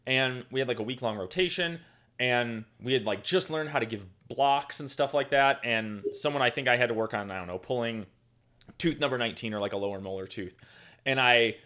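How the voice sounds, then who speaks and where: A man's voice: medium pitch, brisk, sharp tone. A man in his thirties, a dentist co-hosting a podcast, telling a rambling story with frequent laughs and "like" fillers.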